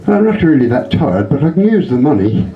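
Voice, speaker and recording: An innocent young country man answers with folksy naivety, as a man does the voice. The put-on sits slightly higher than the man's usual voice. The sound is dull and lo-fi. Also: big pitch swings, fast talker, over a noisy crowd. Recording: dull lo-fi pub recording.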